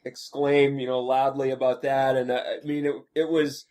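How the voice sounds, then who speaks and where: A man's voice: mid-range voice, level tone, normal speed, a little mellow. A man who is a guest on a podcast, flustered and stammering with many restarts in casual chat.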